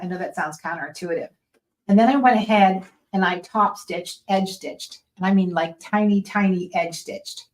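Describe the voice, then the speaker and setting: A woman who teaches sewing, explaining each step in a casual tutorial at her machine and checking in with "right?" and "okay?". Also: mid-range voice. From Western Pennsylvania. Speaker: sewing instructor.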